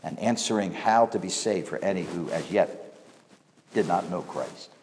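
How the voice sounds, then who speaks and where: A man preaching a sermon, his voice swelling on key points and then dropping low. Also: moderate pace, darkish tone, long reverb tail, a little hiss or hum. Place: church hall.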